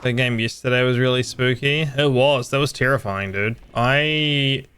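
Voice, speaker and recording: A man's voice: medium pitch, moderate pace, a bit bright, clean tone. A young man chatting casually with friends while playing a video game, joking, teasing and swearing freely. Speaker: gamer streaming with friends. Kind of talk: casual gameplay chat.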